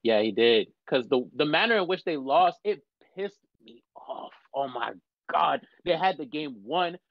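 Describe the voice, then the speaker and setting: Chill guy cohosting a sports chat, kinda high voice, a bit muffled and dry. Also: no room sound. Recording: slightly muffled dry mic.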